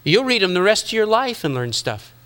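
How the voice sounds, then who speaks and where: A man's voice: high voice, very animated, a little fast, bright, forceful tone. A middle-aged male pastor giving a sermon in a conversational way, teasing the congregation and acting out inner voices.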